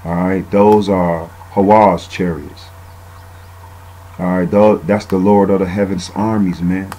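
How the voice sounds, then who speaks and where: A man's voice: low voice, level tone, unhurried, warm tone, a little hiss or hum, poor audio. A man giving a casual, rambling bible teaching, often saying "man" and using fillers.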